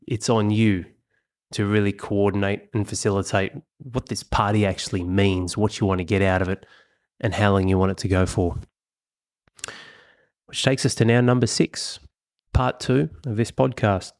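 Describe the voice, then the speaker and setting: A man's voice: fairly low pitch, a little mellow. A man hosting a motivational podcast, talking bluntly and swearing for emphasis. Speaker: podcast host. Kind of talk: motivational monologue.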